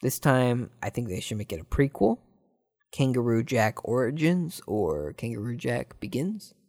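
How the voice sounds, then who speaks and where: A man hosting a laid-back podcast and answering listener questions. He rambles and cracks jokes, and his voice jumps up in excited bursts now and then. It is a plain, mid-pitched male voice. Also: normal speed. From Southern California. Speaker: podcast host.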